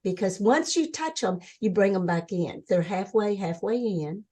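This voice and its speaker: An older woman as an interview guest, telling her story in an earnest, animated way and acting out what others said. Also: medium pitch, moderate pace, husky. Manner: earnest, animated storytelling, acts out quoted voices. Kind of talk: conversational interview.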